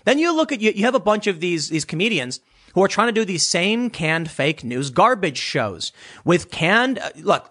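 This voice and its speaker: A man with a high, very animated voice rants through a commentary monologue. He is sarcastic and mocking, swinging his pitch widely as he imitates the people he criticizes. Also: breathy edge. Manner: sarcastic, mocking impressions of others. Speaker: political commentator.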